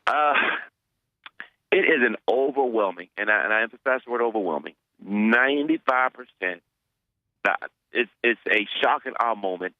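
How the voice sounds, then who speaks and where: A man's voice: lowish voice, dry recording, narrow, tinny audio. A man, a pastor, answering interview questions earnestly, often repeating words as he searches for them.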